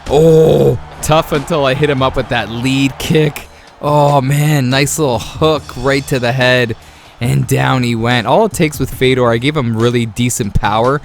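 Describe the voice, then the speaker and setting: A man commenting on his video game knockout highlights, excitable and laughing, with playful trash talk. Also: a little slow, creaky, a little hiss or hum. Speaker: gaming YouTuber.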